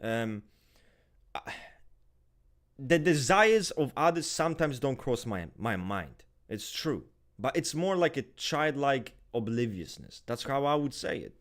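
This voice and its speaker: A married man co-hosting a podcast, talking in a reflective, halting way with frequent restarts. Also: medium pitch, big pitch swings. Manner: reflective, halting, many restarts and "you know". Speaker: podcast co-host. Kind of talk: casual chat.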